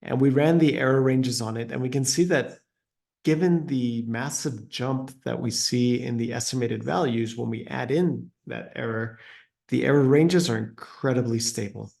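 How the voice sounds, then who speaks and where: A man walks through charts in a webinar presentation. His voice has a gravelly edge. He talks with frequent fillers and restarts, speeding up and slowing down as he thinks. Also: medium pitch, darkish tone. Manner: hesitant, many fillers and restarts, uneven pace. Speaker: presenter on trade data.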